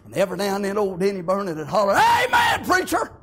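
A man's voice: high voice, very fast. An older man, telling his church testimony in a folksy, homespun way. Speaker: church member giving testimony.

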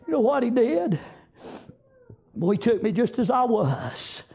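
A preacher, delivering a fervent sermon in a chanting rhythm, often breaking into shouts. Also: male voice, very high voice, big pitch swings, measured pace, gravelly, slightly rough.

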